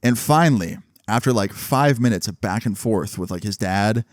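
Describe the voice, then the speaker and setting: Animated swearing guy telling a story. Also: lowish voice, moderate pace, no room sound, clean studio sound. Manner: animated, swearing, filler-heavy. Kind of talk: casual storytime.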